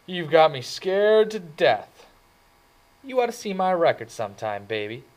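A cocky, insolent young hoodlum, as a man reading a storybook puts him on. He taunts in a sly, bored drawl, loud and a little raised in pitch. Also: lively intonation, measured pace, lightly acted, rough recording. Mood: taunting.

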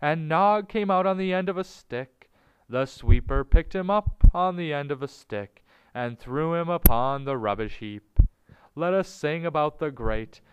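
A man reading aloud, voicing an excitable male tailorbird in a high, sing-song way. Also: a little slow, smooth, lo-fi sound. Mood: jubilant.

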